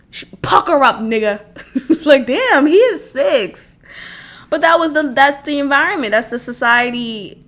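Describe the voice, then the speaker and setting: A woman's voice: on the high side, a bit bright. A young woman hosting a podcast alone, telling a personal story in casual chat, acting out quotes and swearing freely. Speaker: podcast host. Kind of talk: casual solo podcast talk.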